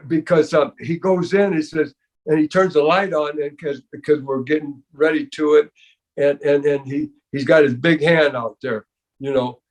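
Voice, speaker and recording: An older man spins a long story in a casual interview, stumbling and restarting, dropping "man" and "you know" all through. His voice sits a bit higher than most men's. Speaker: interview guest.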